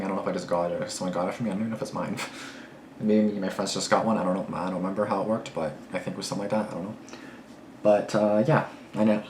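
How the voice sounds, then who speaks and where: A young man chats quickly and casually as he reacts, rambling and leaning on filler words. His voice sits a little low. The room is echoey, with a faint noise behind him. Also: a little mellow. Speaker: reaction video host.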